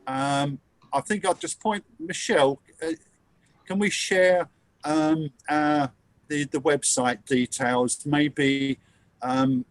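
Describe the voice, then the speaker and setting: A man from England hosting a question session on a video call, relaxed and full of fillers. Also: fairly high pitch, slow, dry recording. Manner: relaxed, hesitant, many fillers. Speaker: host of an online meeting. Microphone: computer mic on a video call.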